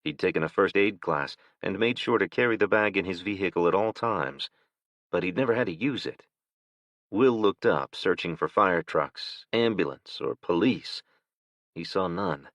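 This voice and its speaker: A man narrating an audiobook in a steady, measured way. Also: low-pitched, no room sound. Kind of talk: scripted narration. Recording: dull, dry lo-fi recording.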